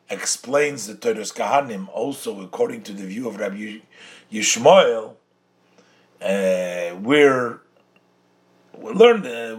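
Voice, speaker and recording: A man teaching a Torah text, explaining phrases in English mixed with Yiddish and Hebrew terms in a sing-song study cadence. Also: lowish voice. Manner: explains by translating phrases, then restating them. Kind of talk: Talmudic-style study lesson.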